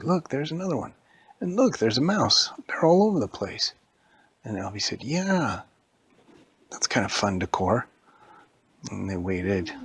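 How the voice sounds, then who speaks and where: Guy telling a kid a spooky made-up story, husky low voice, squeaky character voices, whispers the scary bits. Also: a bit bright. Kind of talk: improvised bedtime-style story for a child.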